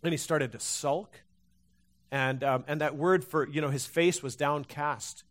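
A man preaching a sermon as pastor, in a conversational, animated way with frequent restarts. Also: on the high side, measured pace.

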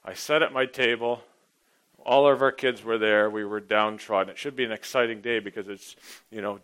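A middle-aged male pastor who opens with a quiet, earnest prayer and moves into a personal sermon. He talks plainly and tells stories from his own life. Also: medium pitch, a little fast. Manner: earnest, personal storytelling, grows animated.

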